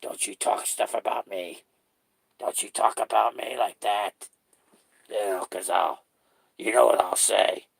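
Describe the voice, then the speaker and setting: A man voicing a menacing male clown who drags out his words and sinks into low threats and whispers. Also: gravelly, husky, heavily acted. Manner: slow, drawn-out, threatening, drops to a whisper.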